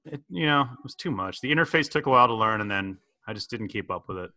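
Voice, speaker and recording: A man's voice: medium pitch, lively intonation, quick pace, sharp tone. A middle-aged man hosting a casual comedic news podcast, playful and prone to slipping into exaggerated impressions. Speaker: podcast host.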